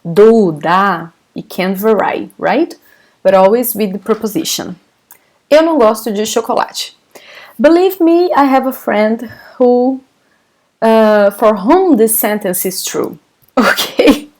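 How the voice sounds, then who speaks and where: A Brazilian woman with a Brazilian Portuguese accent leads a live online language lesson. She talks at an unhurried pace with a slightly high voice. She praises her students and laughs easily as she reads out their comments. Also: darkish tone. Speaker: language teacher.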